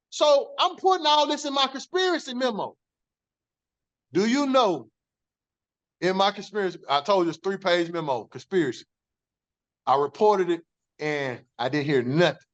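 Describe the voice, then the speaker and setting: A man's voice: high-pitched, fairly bright tone, lo-fi sound. A man, a former corrections officer, telling his story in an interview, emphatic and profane, acting out the dialogue he quotes.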